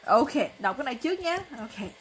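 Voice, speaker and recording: Speaking fast and with lots of animation, this high-pitched, fairly bright-toned woman is a mother whose first language is Vietnamese. She coaxes her toddler through a bedtime game at home, laughing a lot and switching between two languages.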